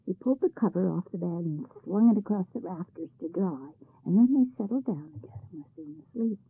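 A woman telling a folk tale in a lively, expressive reading, with a tinny, phone-like sound. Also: medium pitch, a little fast, vocal fry, breathy edge. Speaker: storyteller. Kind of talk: scripted narration of a folk tale.

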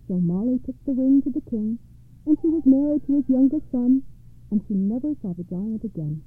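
Brief: female storyteller reading fairy tales, slightly high voice, tinny phone-like audio. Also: animated, moderate pace, dry recording.

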